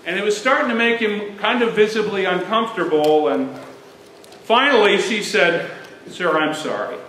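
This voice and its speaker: A man's voice: high voice, moderate pace, a bit bright, slight background noise. A middle-aged male pastor preaching a sermon, telling stories and building up to emphatic points. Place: church sanctuary. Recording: echoey church sanctuary.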